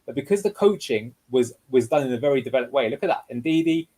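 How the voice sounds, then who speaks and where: Here a guest football analyst talks fast in a mid-range, mellow voice, expressive as he explains match footage. He goes through the clips step by step for a tactical video breakdown, captured on a rough recording.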